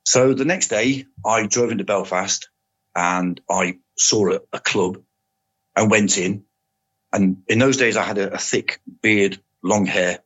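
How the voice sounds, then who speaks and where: An older man tells his anecdotes in an unhurried, matter-of-fact way. His voice sits low and husky. The recording sounds dull and lo-fi. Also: a bit bright. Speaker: podcast guest, former soldier and police officer. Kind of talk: casual storytelling. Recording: dull lo-fi audio.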